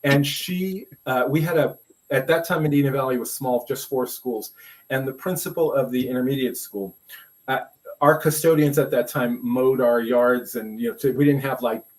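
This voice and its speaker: An older man from Brooklyn talks in a relaxed, conversational way, circling back and restarting his sentences. His pitch sits in the ordinary middle range for a man. He sounds like a seasoned school administrator sharing lessons from his career. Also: moderate pace, low-quality recording. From Brooklyn, New York. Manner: rambling, restarts and many "you know" asides. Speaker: guest, veteran school administrator. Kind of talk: casual conversational storytelling.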